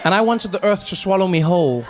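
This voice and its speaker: A man tells a stand-up story in a rushed, animated way, tripping over his own restarts. His voice sits high for a man and races along at a rapid clip. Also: background noise. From Africa. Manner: animated, flustered retelling with frequent stammering restarts. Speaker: stand-up comedian.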